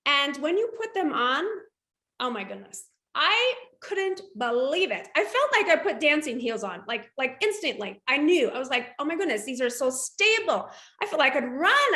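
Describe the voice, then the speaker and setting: A middle-aged woman guest telling a personal story in an interview, animated and lively, with frequent restarts. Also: high voice, reverberant. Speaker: guest entrepreneur.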